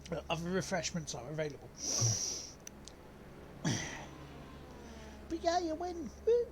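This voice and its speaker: A man's voice: high voice, wildly swooping pitch, takes it slowly, background noise. A man chatting and swearing casually while streaming a racing game. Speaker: gaming streamer. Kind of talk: casual gameplay commentary.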